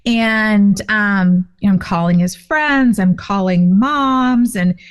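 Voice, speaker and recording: A woman in her fifties, a guest author and parent, telling a personal story in a casual interview with an animated, expressive delivery. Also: medium pitch, slow pace, clear, resonant tone. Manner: animated, expressive retelling with frequent fillers.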